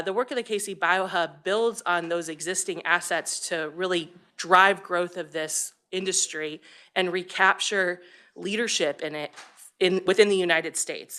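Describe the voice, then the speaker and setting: A woman's voice: on the low side, sharp tone. A woman from Kansas giving formal testimony to a legislative committee, earnest, with frequent fillers and restarts, a little short of breath.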